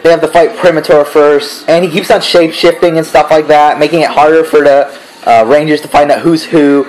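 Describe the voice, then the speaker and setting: A man's voice: on the high side, darkish tone, rough recording. A man giving a casual spoken review, ranting in an exasperated, profane way. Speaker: show reviewer.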